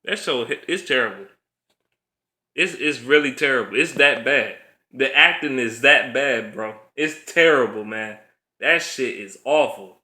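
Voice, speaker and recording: A man's voice: medium pitch, lively intonation, a little slow, pushed and bright. A man delivering a blunt, profane casual rant as a vlogger, laughing often. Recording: roomy echo.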